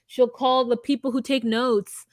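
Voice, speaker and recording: A woman's voice: a little high, a little slow, no room sound. A woman co-hosting a podcast, chatting casually and animatedly, joking and acting out quotes. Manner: animated, jokey, acts out quotes in funny voices. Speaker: podcast co-host. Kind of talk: casual recap chat.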